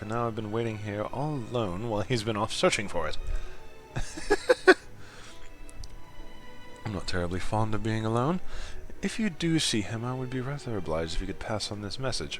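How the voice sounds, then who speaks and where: A man's voice: mid-range voice, a bit bright, lightly acted. A pampered clingy noble lady, read by a man.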